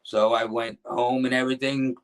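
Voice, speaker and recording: In a casual interview, a middle-aged guest who used to wrestle professionally recalls old stories in his New Jersey voice. His delivery is smooth and at a normal speed, though he rambles, starts sentences over, and imitates whoever he's quoting. His pitch is a typical male midrange.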